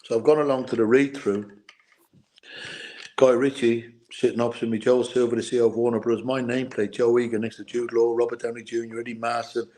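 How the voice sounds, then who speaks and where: A middle-aged man with an Irish accent tells his life story as an interview guest. He stumbles and repeats himself, and tears are never far off. His voice sits at an ordinary pitch for a man. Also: flat delivery, darkish tone. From Ireland. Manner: halting, repeats words, tearful at times. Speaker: guest, former boxer.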